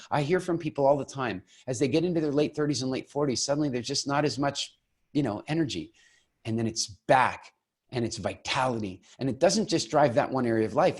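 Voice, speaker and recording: Middle-aged male presenter, persuasive seminar delivery, enthusiastic storyteller, average pitch. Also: slightly rough. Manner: enthusiastic storyteller, acting out quoted exchanges. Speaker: program founder giving a masterclass. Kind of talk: persuasive masterclass talk.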